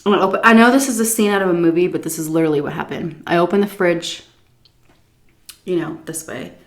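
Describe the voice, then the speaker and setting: A woman food vlogger telling a story while eating, animated, dropping to muttered asides and swearing casually. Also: lowish voice. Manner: pauses for chewing and stomach noises while talking.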